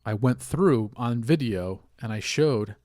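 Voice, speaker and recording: A man's voice: mid-range voice, expressive, slow, a little mellow, dry recording, clean studio sound. Rueful man with a stuffy nose. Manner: rambling, candid and rueful, with profanity. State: stuffy nose, sniffing from allergies. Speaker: podcast host. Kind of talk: casual solo podcast monologue.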